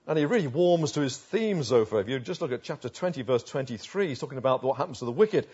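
Wry husky preacher. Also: male voice, medium pitch, animated, fast talker, hardly any pauses, lo-fi sound. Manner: wry, conversational, dropping to quiet asides. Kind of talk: expository sermon.

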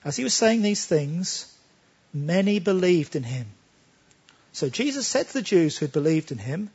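A man's voice: on the high side, animated, moderate pace, a little mellow, breathy edge, lo-fi sound. A man preaching a sermon, talking emphatically and pressing his listeners with rhetorical questions.

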